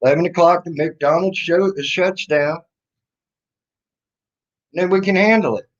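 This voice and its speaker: A man hosts a casual livestream, his fairly high voice drawling slowly through sarcastic taunts and stumbling restarts. The sound is dull and lo-fi, like cheap stream audio. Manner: mocking, sarcastic, rambling with restarts. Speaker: livestream host.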